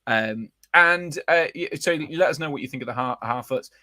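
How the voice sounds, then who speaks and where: A man's voice: medium pitch, normal speed, sharp tone, a little hiss or hum. A man hosting a casual live chat about a fantasy series, rambling with many fillers and restarts. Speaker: podcast host.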